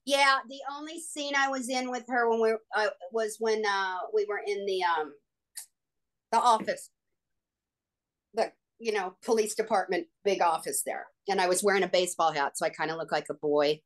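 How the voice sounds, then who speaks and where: A woman, an actress and guest on an interview show, telling stories in an excitable, gushing way. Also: medium pitch, normal speed. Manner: excitable, gushing, frequent "like" and "oh my God". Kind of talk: casual interview storytelling.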